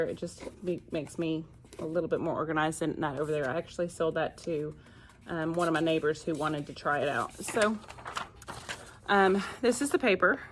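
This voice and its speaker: A woman teacher talks through her school day in a loose, rambling vlog, full of little fillers. Her voice sits a bit low for a woman, and she speaks from inside her classroom. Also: slight background noise. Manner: chatty, rambling, frequent "um" fillers. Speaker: first grade teacher.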